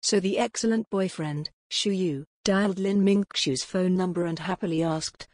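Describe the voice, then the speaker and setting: A woman narrating an audiobook in an even storybook reading. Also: on the low side, normal speed, hardly any pauses, no room sound, clean studio sound. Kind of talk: scripted narration.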